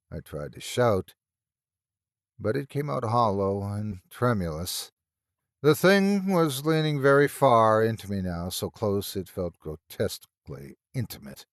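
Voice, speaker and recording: A man's voice: on the low side, big pitch swings, slow pace, no echo, clean studio sound. A man narrating a scripted horror story in a tense, dramatic storytelling manner.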